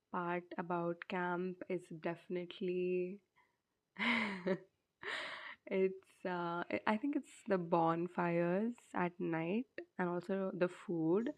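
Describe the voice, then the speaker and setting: A young woman, chatting casually in a storytime vlog and filling her talk with "like". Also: lowish voice. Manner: chatty, many fillers like "like". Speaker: vlogger. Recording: dull lo-fi sound.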